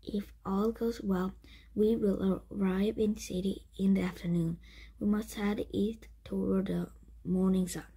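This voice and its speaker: A woman reading the lines of a calm, wise grown male caravan leader in a slow, breathy, half-whispered voice. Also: medium pitch.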